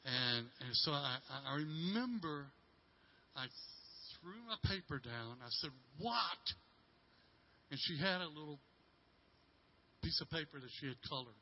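A middle-aged male pastor telling a story in a sermon, halting and repeating words, dropping from loud to hushed. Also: fairly high pitch, lively intonation, highs cut off.

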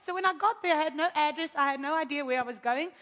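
A woman preacher telling a testimony to her audience in an animated, chatty way, with asides to the crowd. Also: sits high, fast. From South Africa. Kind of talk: testimony in a sermon. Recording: long hall reverb.

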